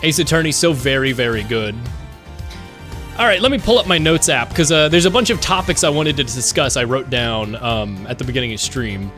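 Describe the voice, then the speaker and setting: A man's voice: mid-range voice, animated, fairly quick, a bit bright, faint music behind. A young man streaming games, rambling and joking casually as he talks to his chat. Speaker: game streamer.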